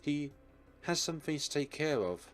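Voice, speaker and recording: A man reading a visual novel aloud, voicing a calm, friendly young woman in a gentle, reassuring way. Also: fairly high pitch, unhurried, faint music behind, pitched above the performer's own voice. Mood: guarded.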